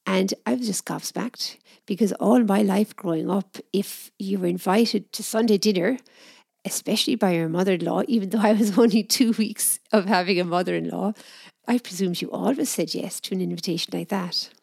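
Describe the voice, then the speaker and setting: Middle-aged woman, soft reflective storytelling, husky low-key voice with some gravel. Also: no echo, clean studio sound. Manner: gentle, soft-spoken, unhurried. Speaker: speaker sharing personal experience.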